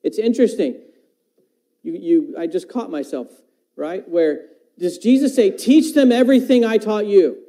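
Male preacher, sermon delivery, high voice, scripture quotes, questions to the listeners. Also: expressive, normal speed, dark tone, rough recording. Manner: talks about teaching his own children.

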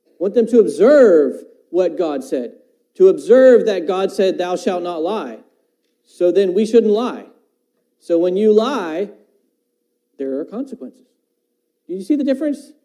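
Man preaching, fairly high voice, very dark and mellow tone, earnest, repeats himself, rhetorical questions. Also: animated, a little slow, long pauses. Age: adult parent. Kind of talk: sermon.

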